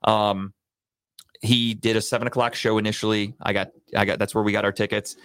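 Low-voiced man telling a story. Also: fairly quick, clear, resonant tone, no echo, studio quality. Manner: profane, animated storyteller. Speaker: podcast co-host. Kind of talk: casual storytelling chat.

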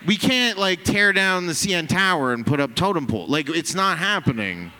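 A brash, foul-mouthed stand-up comedian does crowd work in a comedy club, his bright, forceful voice swinging widely in pitch as he teases the audience at a moderate pace. The room's long reverb lingers behind him along with a faint hiss.

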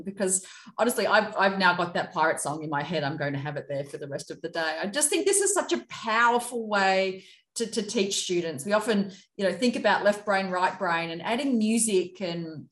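A woman hosting a podcast interview, friendly and appreciative, laughing easily with her guest. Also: medium pitch. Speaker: podcast host. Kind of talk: casual interview. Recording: roomy echo.

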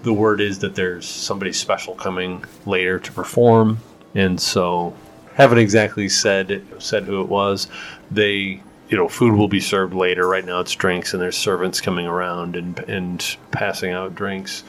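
A man's voice: deep voice, flat delivery, normal speed, fairly bright tone, slight background noise. A man narrating as game master in a loose, rambling way with many fillers.

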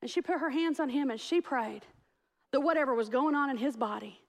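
A middle-aged woman, preaching a lively sermon as pastor and telling stories. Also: high-pitched, fairly quick. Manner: animated, storytelling with acted-out quotes.

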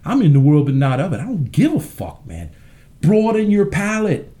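Rich: A brash man in a casual interview, rambling and cursing freely. His voice is mellow and dark in tone, but it swings widely up and down as he talks. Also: on the high side, wildly swooping pitch, normal speed. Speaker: interview guest, musician.

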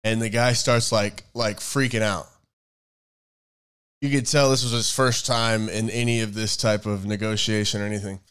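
Rambling man with a smooth voice. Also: lowish voice, fairly even intonation, normal speed, a bit bright. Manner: rambling, acts out quoted voices. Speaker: podcast co-host. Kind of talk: casual chat retelling a story.

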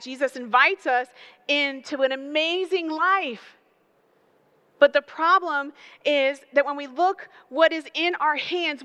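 A woman preaching a sermon, building emphatic repeated phrases and telling animated stories. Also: high voice. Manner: animated storytelling with acted voices.

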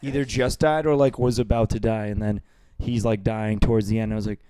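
A man's voice: fairly low pitch, fairly even intonation, fairly quick, warm tone, smooth, no room sound, studio quality. A man co-hosting a podcast in casual, joking chat. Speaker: podcast co-host.

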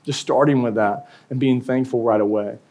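A man's voice: medium pitch, steady tone, normal speed, a little mellow. A young man preaching a sermon as pastor, in a casual, conversational way with humor and quoted asides.

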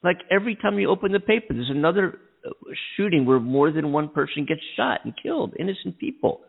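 A man's voice: fairly high pitch, lively intonation, quick pace, creaky, husky. A man co-hosting a casual call-in talk show, rambling with many restarts and fillers. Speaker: co-host. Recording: phone line.

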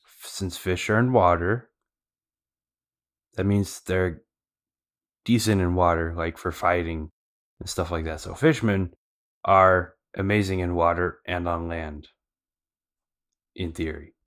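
A man with a deep, low voice recaps the story for a podcast. His delivery is casual and slangy, with loose fillers and asides. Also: steady tone, takes it slowly, long pauses. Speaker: podcast co-host.

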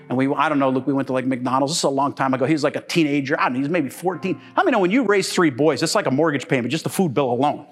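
A middle-aged male preacher with a fairly high voice, full of jokes and sudden leaps into shouted exclamations. Soft instrumental music plays faintly behind him. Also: animated, racing, hardly any pauses. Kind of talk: sermon.

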